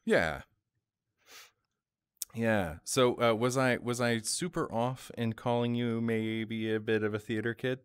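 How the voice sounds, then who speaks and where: A man's voice: medium pitch, takes it slowly, clean tone, no room sound. A man hosting a casual livestream chat, jokey and rambling, with many restarts. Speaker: host.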